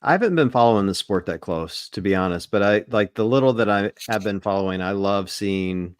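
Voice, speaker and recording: A man co-hosting a podcast, telling relaxed, rambling stories in casual chat, full of fillers. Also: on the low side, brisk, smooth, no room sound, studio quality. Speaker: podcast co-host.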